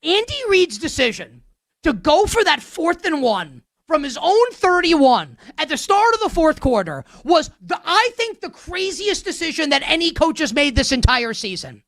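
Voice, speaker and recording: A woman's voice: sits high, big pitch swings, normal speed, dry recording, studio quality. A woman hosting a sports show, ranting with heated sarcasm.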